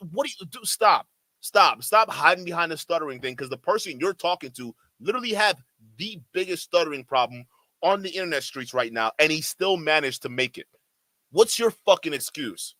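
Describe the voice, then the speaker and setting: In a dry recording, a man with a fairly high, animated, sharp-toned voice reacts to a clip on stream at a moderate pace. The commentary is heated and mocking, full of exaggerated impressions, and he stutters a little now and then.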